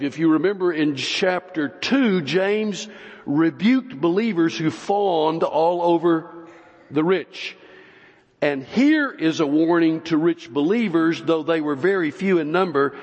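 A male pastor preaching a sermon, slow and emphatic, with long pauses between phrases. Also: fairly high pitch, darkish tone. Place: church sanctuary. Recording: dull, lo-fi recording with long hall reverb.

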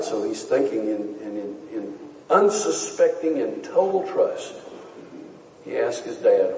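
A man preaching a sermon, teaching in a measured and earnest way. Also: fairly low pitch, gravelly, dark tone, a little hiss or hum. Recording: echoey hall, voice from far off.

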